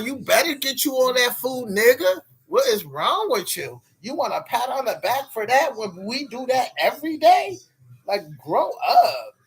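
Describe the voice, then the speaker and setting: A young man vents on his vlog, his voice high and a little husky. He swears freely and keeps hammering the same lines as he rants. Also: fairly bright tone. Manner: profane, heated, repetitive ranting. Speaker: vlogger. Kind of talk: ranting to camera.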